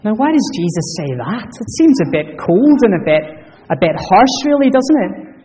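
A man's voice: high voice, very animated, normal speed, warm tone, recorded from a distance, poor audio. A man giving a children's talk in a church service. He tells stories with animation and asks the audience questions. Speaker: preacher.

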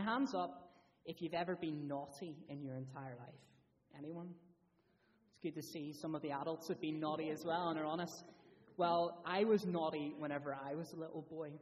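A man giving a children's talk in church, asking the children lots of questions in a lively, friendly way. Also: fairly high pitch, far from the mic, a little hiss or hum.

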